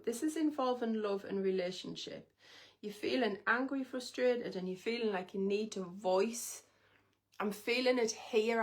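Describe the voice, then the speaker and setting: A woman giving a live spiritual reading, talking in an emotive, intimate way and speaking straight to the viewer. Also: mid-range voice. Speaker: psychic reader on a livestream.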